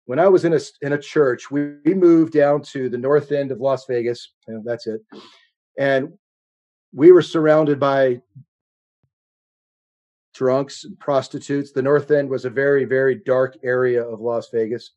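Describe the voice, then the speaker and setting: A man's voice: mid-range voice, darkish tone, lo-fi sound. Earnest middle-aged male preacher. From United States. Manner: earnest, personal storytelling with shifting intensity. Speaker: guest preacher. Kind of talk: sermon.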